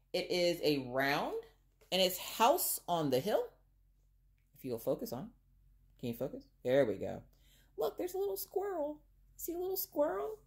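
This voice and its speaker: A woman vlogger, chatting casually and expressively to viewers while unboxing craft kits. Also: mid-range voice.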